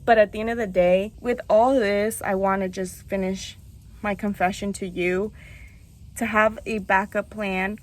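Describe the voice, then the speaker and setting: A woman's voice: mid-range voice, steady tone, unhurried. A young woman talking frankly and openly in a confessional vlog, chatty and full of casual fillers. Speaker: vlogger.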